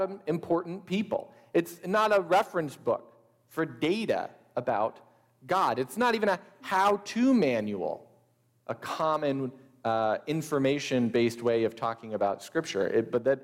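A man preaching a sermon, deliberate and measured, with a few wry asides to the congregation. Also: fairly high pitch, lively intonation, in a large hall. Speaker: pastor.

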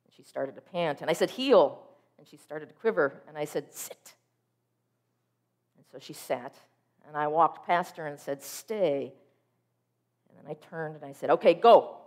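A woman preacher delivering a sermon, telling a personal story in a vivid, expressive way. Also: lowish voice.

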